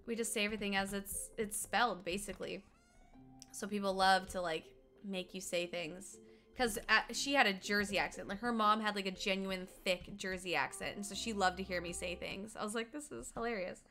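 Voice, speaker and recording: A young woman from Colorado chatting casually and quickly while streaming a game, reading out chat and humming along. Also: medium pitch, steady tone, bright, forceful tone, faint music behind. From Colorado, USA. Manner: fast-talking, chatty, reads chat aloud, hums along.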